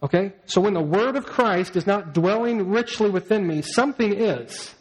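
A man's voice: high voice, expressive, normal speed, husky, poor audio. A man preaching a sermon in a conversational way, often asking the listeners rhetorical questions. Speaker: pastor.

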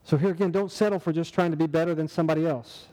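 A man's voice: fairly high pitch, fairly even intonation, very fast, a little mellow, in a large hall, rough recording. A man preaching a sermon in a conversational way, asking the congregation rhetorical questions. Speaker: pastor.

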